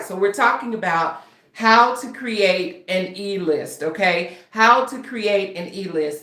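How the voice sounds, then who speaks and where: On her author channel's livestream, a woman who works as an author and writing coach talks to viewers in a relaxed yet slightly nervous way. Her medium-pitched voice has a fairly bright tone, and the recording is reverberant.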